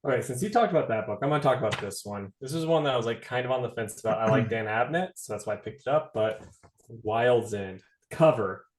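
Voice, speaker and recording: A man's voice: mid-range voice, expressive, quick pace, roomy sound. A man co-hosting a podcast, chatting casually and bluntly about comic books, swearing now and then. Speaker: podcast co-host. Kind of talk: casual comic book review chat.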